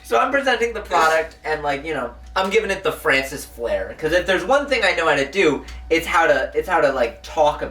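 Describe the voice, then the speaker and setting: Animated young man telling a story. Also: fairly quick, few pauses, soft background music. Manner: animated storyteller, quotes others in a low voice. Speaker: podcast co-host. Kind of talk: casual storytelling chat. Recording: echoey room, distant mic.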